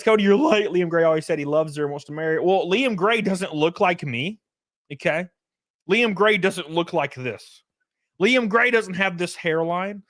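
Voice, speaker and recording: A middle-aged man, hosting a casual livestream, joking loudly and reading out chat messages. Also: on the high side, no room sound, studio quality. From Alabama. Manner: loud, joking, reads chat. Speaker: streamer host. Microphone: headset.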